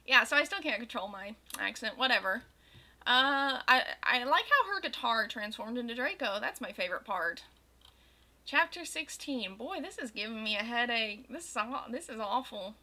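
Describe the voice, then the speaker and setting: A young woman reads a story aloud in a mocking tone, breaking off for dry, sarcastic comments. Her voice is very bright and sits a little high. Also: normal speed. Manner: sarcastic, deadpan asides. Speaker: reader of fanfiction. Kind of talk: mocking read-aloud with asides.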